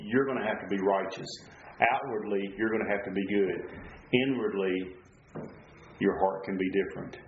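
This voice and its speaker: A man leads a Bible study for a small group, reading scripture aloud and stopping to explain each verse. The recording sounds slightly muffled and carries a roomy echo, with a little background hiss. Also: medium pitch. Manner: reads scripture aloud and comments between verses.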